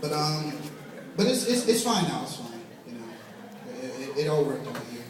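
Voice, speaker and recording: A man's voice: a little high, sing-song, normal speed. A young man doing a stand-up comedy set at a talent show, rambling and self-deprecating, often laughing at his own jokes. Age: young adult. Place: large hall at a talent show. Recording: echoey hall recorded from far off, with crowd noise. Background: audience laughing and cheering.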